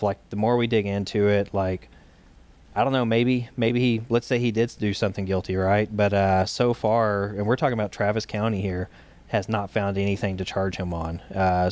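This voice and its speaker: A man's voice: fairly low pitch, level tone, normal speed, a little mellow. A man, a guest in a casual interview, tells a long story in loose runs full of fillers and restarts. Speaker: guest, state director of a gun rights group.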